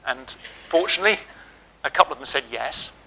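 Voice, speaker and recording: A man's voice: a little high, expressive, a little fast, gravelly, sharp tone, a little hiss or hum, low-quality recording. A middle-aged man giving a ceremony address, telling a humorous hospital anecdote and giving direct advice. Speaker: ceremony speaker. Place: lecture hall.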